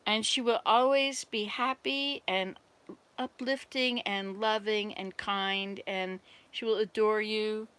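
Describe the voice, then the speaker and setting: A woman's voice: medium pitch, steady tone, takes it slowly, fairly bright tone, smooth. A woman playing God in a joke, promising Adam a perfect companion in a soothing, generous tone. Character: God, a calm generous male creator.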